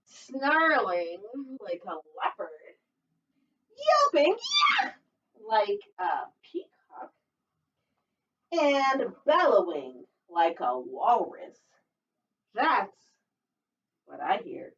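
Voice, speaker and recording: A young woman librarian reading a picture book aloud for a children's storytime in a lively sing-song way, often laughing. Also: medium pitch, very slow, long pauses, background noise. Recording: distant dull mic in a room.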